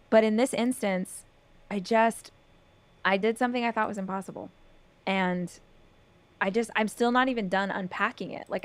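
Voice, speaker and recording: A woman's voice: mid-range voice, dry recording. A woman hosting a podcast, talking earnestly and enthusiastically to motivate her listeners. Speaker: podcast host.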